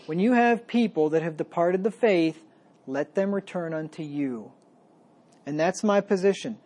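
A man delivers a sermon in a mellow, warm voice. He slows down to read scripture with weight, then speaks conversationally as he explains each verse. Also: fairly high pitch, animated. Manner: reads scripture slowly and with emphasis, then explains plainly; conversational preaching. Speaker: pastor.

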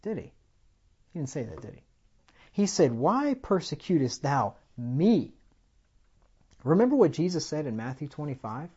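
A man preaching a sermon with animated delivery, rising loud on key points and asking the congregation rhetorical questions. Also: fairly high pitch, a little fast, pauses often, slightly rough, dull audio.

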